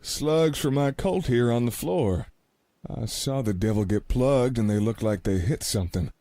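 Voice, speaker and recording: A man voicing a rough frontier gunman in a radio play, talking bluntly in folksy slang. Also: medium pitch, normal speed, warm tone, dry recording, studio quality, natural voice. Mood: plain. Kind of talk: community radio play acting.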